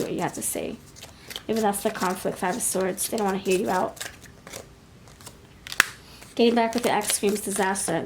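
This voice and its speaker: A woman reads tarot cards aloud, blunt and scolding as she thinks through each card. Her voice sits at an ordinary middle pitch for a woman. There is a faint hiss of noise behind her. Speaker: tarot reader. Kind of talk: pick-a-card tarot reading.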